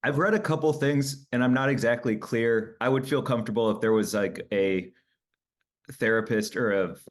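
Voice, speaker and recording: A man, a comedian, speaking candidly in an interview and telling animated stories, acting out his own lines as he goes. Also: mid-range voice, moderate pace. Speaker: comedian guest.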